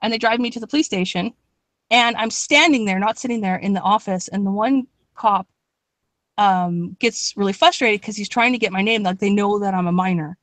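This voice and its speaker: A woman's voice: medium pitch, a little fast, dry recording. A young woman telling a story in a casual chat, rambling with lots of "like" and swearing. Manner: rambling, many "like"s, swears, laughs a lot. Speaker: podcast co-host.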